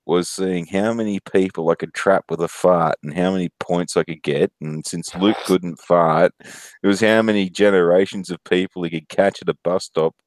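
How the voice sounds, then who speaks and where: A man's voice: low voice, fairly even intonation, normal speed, no echo. A man in his thirties with an Australian accent, telling profane, laughing stories on a casual stream. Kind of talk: casual storytelling.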